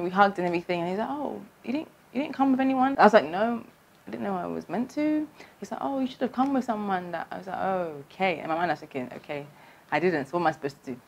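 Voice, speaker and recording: A woman, telling a personal story on her vlog, acting out her past self with big jumps up in pitch. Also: lively intonation, fast talker, vocal fry. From London. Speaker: vlogger.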